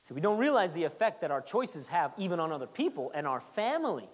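Pastor, mid-pitched, animated delivery, repeats for emphasis, reverberant sanctuary. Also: fast. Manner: conversational, repetitive emphasis, teasing asides. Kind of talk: sermon. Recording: long reverb of a large hall.

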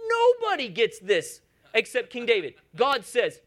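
A woman's voice: fairly high pitch, wildly swooping pitch, unhurried. A woman preaching a sermon in a church, emphatic and coaxing her congregation along.

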